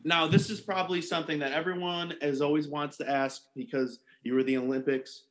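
A man's voice: fairly high pitch, level tone, a little fast. A man hosting a podcast, asking playful questions in a sarcastic, joking way. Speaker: podcast host. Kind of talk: casual podcast chat.

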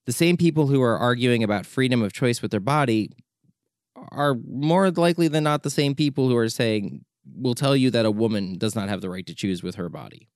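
A documentary filmmaker giving an impassioned opinion monologue, exasperated and urgent, often repeating words for emphasis. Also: male voice, medium pitch, expressive, fairly quick, dry recording, studio quality.

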